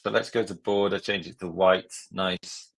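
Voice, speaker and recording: A man's voice: low-pitched, fairly even intonation, moderate pace, vocal fry. A man from Northern Ireland leading a live online design lesson in a casual, chatty way, thinking aloud as he works. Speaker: tutor.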